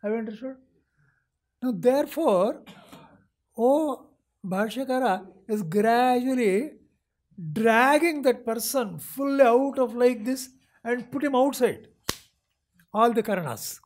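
A man's voice: very high voice, takes it slowly, long pauses, a little mellow. A man with an Indian accent giving a scripture lecture as a spiritual teacher, explaining patiently and often checking whether his listeners follow. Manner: acts out a seeker's voice in quoted lines.

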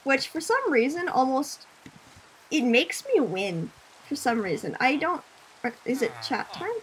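A young woman streaming a game, chatting casually, reading chat aloud, laughing often and breaking into loud screams at enemies. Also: sits high, sing-song, a little slow, slight background noise. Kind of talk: casual gaming commentary.

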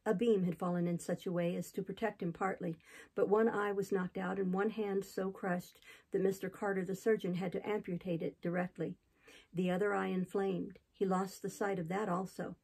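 Reading a classic novel audiobook, a woman takes on a talkative, solemn, gossipy old innkeeper who eagerly rambles through a grim story. Her warm, low, gravelly, husky voice has little pitch movement and moves at normal speed, and the audio is poor.

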